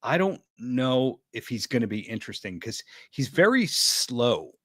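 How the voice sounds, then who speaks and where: A man's voice: medium pitch, very animated, a little slow, a bit bright, husky, no echo. Dry-voiced man in wry casual chat. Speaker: podcast guest, interviewer.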